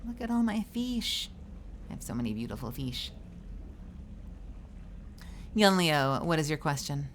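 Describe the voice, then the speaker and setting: A woman streamer chatting playfully through live gameplay commentary, with bursts of squealing and yelling. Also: deep voice, big pitch swings, unhurried, pauses often, a little hiss or hum.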